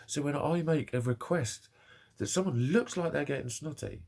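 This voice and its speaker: A man's voice: a little high, animated, normal speed, gravelly, darkish tone. A man ranting angrily to camera about an online argument, swearing often and repeating himself in an agitated way. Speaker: vlogger. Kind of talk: angry personal rant to camera.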